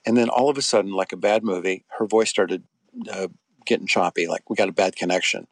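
A man's voice: sits low, a little fast, no room sound. A middle-aged man, an interview guest, recalling his acting years in a rambling, anecdotal way with many fillers and restarts. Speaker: interview guest, former soap actor. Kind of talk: casual interview storytelling.

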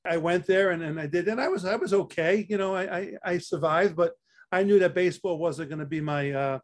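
An older Staten Island man with a New York accent talks in a high, fairly quick voice. As an athletic trainer and interview guest, he shares casual stories from his career and tends to repeat words.

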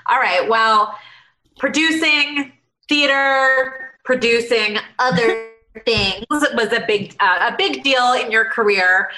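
Female interviewer, bright tone, long questions; roomy, echoey recording. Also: mid-range voice. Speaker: interview host. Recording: echoey room.

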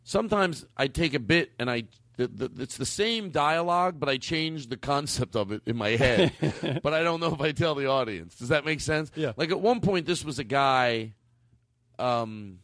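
A man's voice: lively intonation, normal speed, fairly bright tone, no room sound. A man hosting a comedy podcast, rambling and cutting himself off as he improvises bits with his guest. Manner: rambling, self-interrupting, bursts into high-pitched bits.

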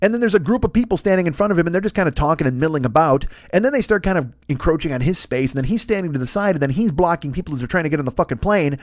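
Fast-ranting profane male comedian. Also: a little high, expressive, no room sound, clean studio sound. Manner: profane, ranting, acts out quotes. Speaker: comedian and podcast host. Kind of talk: casual profane rant.

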